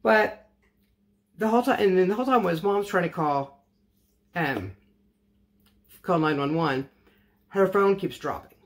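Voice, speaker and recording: A man's voice: high-pitched, animated, measured pace, pauses often. A man telling a casual storytime to his vlog audience, rambling and correcting himself as he goes, wry and matter-of-fact. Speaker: vlogger.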